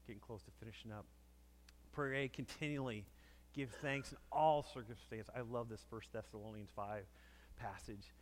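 A man's voice: medium pitch, fairly even intonation, normal speed. A man preaching a conversational sermon to a congregation, telling stories and acting out quotes. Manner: conversational storytelling, acts out quotes. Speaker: pastor.

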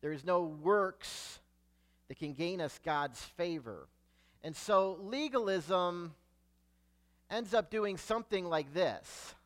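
High-voiced man preaching a sermon. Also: expressive, slow. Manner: emphatic, rising loud on key words and dropping low at phrase ends. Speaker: pastor.

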